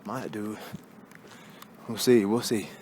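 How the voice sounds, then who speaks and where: A man's voice: on the low side, slow, a little mellow. Young man vlogging on a street walk. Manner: chatty, swears a lot, laughs often, slangy. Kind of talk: casual walking vlog. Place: outdoors on busy town streets. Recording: faint street noise behind.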